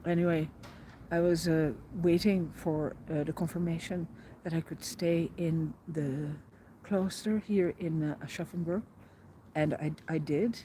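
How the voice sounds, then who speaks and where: A woman's voice: low-pitched, steady tone, unhurried, mellow, slight background noise. A woman telling a personal diary vlog as a pilgrim, earnest and rambling, with many fillers and restarts. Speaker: pilgrim vlogger.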